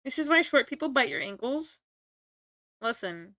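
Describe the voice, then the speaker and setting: A young woman streams from home in a high voice with big pitch swings, fairly bright tone, and moderate pace, captured in a dry, studio-quality recording. She banters casually with her chat, play-acting anger and laughing often.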